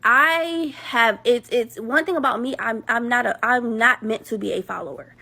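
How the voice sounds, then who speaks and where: A woman's voice: a little high, normal speed, bright, forceful tone. A woman with ranting in a blunt, sarcastic, mocking monologue. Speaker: woman in a clip being reacted to. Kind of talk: ranting social media monologue.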